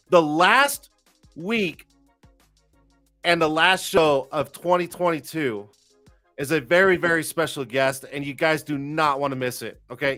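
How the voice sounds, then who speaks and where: A man with a bright, forceful voice on the high side hosts a casual live-stream talk show. He's loose, profane and jokey, with lots of fillers and restarts.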